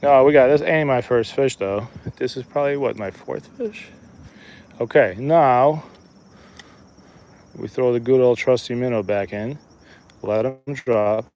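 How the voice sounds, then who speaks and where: A man's voice: medium pitch, a little slow, pauses often. A man giving casual, chatty live-stream commentary outdoors at a riverbank, talking to his viewers while he fishes. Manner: relaxed, chatty, talks to viewers while fishing. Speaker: fishing streamer.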